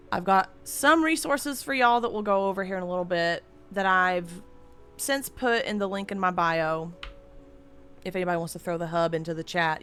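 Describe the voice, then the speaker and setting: A woman's voice: medium pitch, fairly bright tone. A woman streamer chatting casually and candidly into a desk microphone at home, rambling and swearing freely. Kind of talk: casual live-stream chat.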